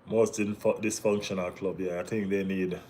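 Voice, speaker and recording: A Jamaican man hosting a casual football watch-along stream, bantering with viewers in relaxed Caribbean slang. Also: low-pitched, moderate pace, a little hiss or hum. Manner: laid-back banter with Caribbean slang, bursts of excited teasing. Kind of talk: casual live-stream chat reading viewer comments.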